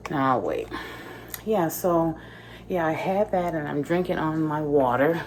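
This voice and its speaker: A woman's voice: low-pitched, a little slow, darkish tone, slight background noise. A woman vlogging from her home kitchen, chatting casually to her viewers as she prepares food. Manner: chatty, talks to viewers while cooking.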